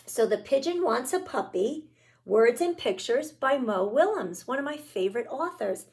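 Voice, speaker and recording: A woman teacher talking straight to young children, encouraging and patient. She guides them through a craft and reads aloud in a slightly high voice. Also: animated, normal speed, darkish tone. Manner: encouraging, speaks directly to kids, many "all right"s.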